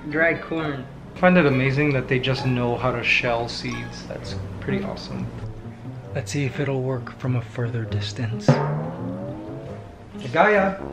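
A man vlogging at home, talking to his pet parrot in coaxing, sing-song baby talk between calm explanations. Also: mid-range voice.

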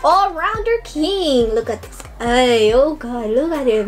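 A young woman, gushing with excitement as she chats through an unboxing vlog. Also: high voice, takes it slowly. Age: young adult. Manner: gushing, squealing fangirl excitement. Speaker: vlogger.

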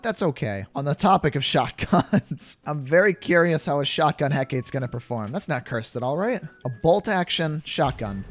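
A man's voice: on the high side, lively intonation, a little fast, few pauses. A young man giving playful gameplay commentary, laughing often as he reacts. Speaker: gaming YouTuber. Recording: game music playing faintly behind.

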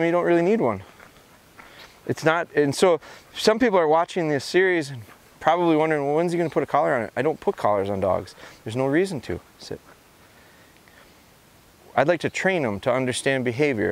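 A man explaining his dog training step by step, giving short sit and come commands between calm remarks, recorded outdoors in the countryside. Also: on the high side. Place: outdoors in a rural field.

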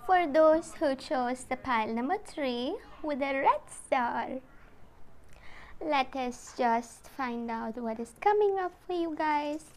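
A woman doing a tarot reading for her viewers, talking in a soft, emotional way and speaking to them directly. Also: sits high, lively intonation, slow. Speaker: tarot reader.

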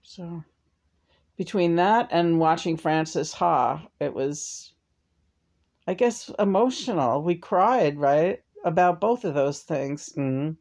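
A woman's voice: low voice, expressive, slow pace, a little mellow, exaggerated voice. A woman channeling the spirit of a dead man who rambles, hesitates and makes crude jokes. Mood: rambling.

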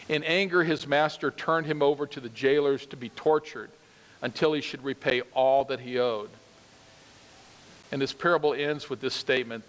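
A man preaching a sermon to his congregation, animated and emphatic, asking them questions directly. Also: a little high, normal speed, big-room sound. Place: church sanctuary.

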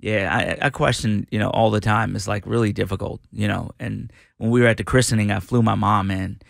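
A middle-aged man telling an animated story on a radio show, acting out the voices of the people in it. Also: on the low side, brisk, gravelly, dry recording, clean studio sound. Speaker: radio host guest. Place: radio studio.

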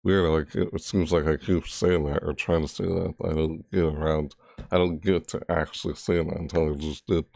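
A man's voice: extremely low pitch, fairly even intonation, normal speed, creaky, darkish tone, no room sound. A man giving casual, rambling commentary while playing a video game, often correcting himself and reading game text aloud. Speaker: gaming YouTuber.

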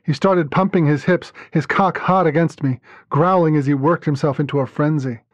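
A man narrating a first-person story as a podcast reader, calm and even. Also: on the high side, normal speed, dry recording. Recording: dull lo-fi dry recording.

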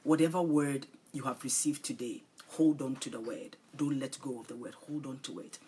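A woman preaching and praying on a livestream, pleading and tender, often repeating short phrases and dropping into soft breathy whispers. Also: very deep voice, steady tone, moderate pace, a little hiss or hum. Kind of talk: livestream sermon and prayer.

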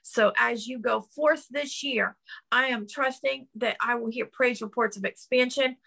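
A middle-aged woman preaches with fervor, her fairly high voice bright and edged with gravel. She builds her points through repeated declarations and often stumbles and restarts mid-phrase. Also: steady tone, unhurried. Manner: fervent, repetitive declarations with frequent restarts. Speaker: prophetess preaching. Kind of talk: sermon.

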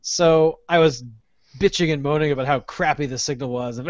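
A man, hosting a casual podcast chat and telling an animated, ranting story with plenty of swearing. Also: fairly high pitch, brisk, dry recording. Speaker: podcast host. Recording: dull lo-fi podcast audio.

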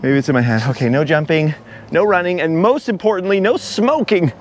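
A middle-aged man vlogging outdoors from a high forest walkway, nervous and breathless, laughing at himself and repeating his worries. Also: animated, brisk, slight background noise. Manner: jittery and self-mocking, laughs often, repeats himself. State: breathless from nerves. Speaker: travel vlogger. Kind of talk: nervous chatter to camera while walking a treetop trail.

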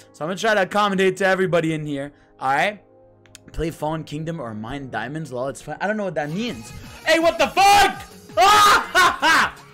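A live game streamer chatting with viewers, excitable and profane, often shouting in disbelief. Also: mid-range voice. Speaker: livestreamer. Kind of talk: live gaming stream chat.

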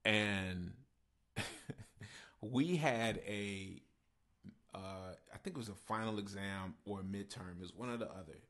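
A man's voice: fairly low pitch, a little slow, long pauses, a bit bright. A man, a pastor and musician, telling a personal story in a conversational way, repeating himself for emphasis. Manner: conversational, with fillers and repeated phrases.

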